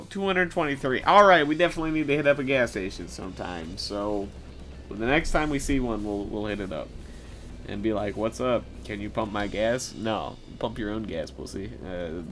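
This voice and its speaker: A young man rambles casually over a trucking game, sarcastic and foul-mouthed, with frequent laughs. His voice is bright and forward, and his pitch swings widely as he talks, with faint music underneath. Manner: rambling, sarcastic, swears a lot, laughs often. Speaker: gaming YouTuber.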